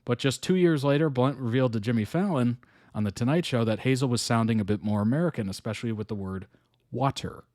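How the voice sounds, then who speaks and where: A man's voice: medium pitch, fast talker, a little mellow, no room sound, studio quality. A man hosting a reaction video, reading an article aloud and musing over it casually between chuckles.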